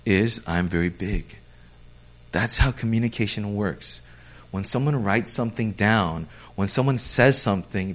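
A man, a pastor, teaching a conversational sermon, explaining step by step and checking in with his listeners. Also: medium pitch. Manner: explains step by step, checks in with "okay?", acts out quoted people.

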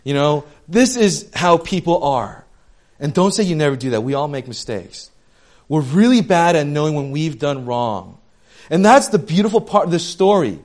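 A young man preaching a sermon in a conversational, animated way, full of casual slang and asides. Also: on the high side, moderate pace. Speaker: pastor.

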